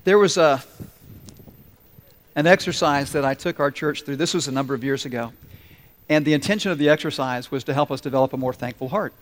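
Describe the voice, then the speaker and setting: A male pastor preaching a sermon to his congregation in an animated, playful way, acting out little asides. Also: mid-range voice, brisk, long pauses. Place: large church hall. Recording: reverberant church hall. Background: congregation responding.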